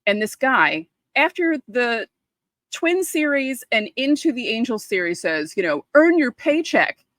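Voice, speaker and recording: A woman, co-hosting a podcast and chatting casually, telling lively stories and acting out quotes. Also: fairly high pitch, unhurried, no room sound. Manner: animated storyteller, acts out quotes. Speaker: podcast co-host. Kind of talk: casual chat.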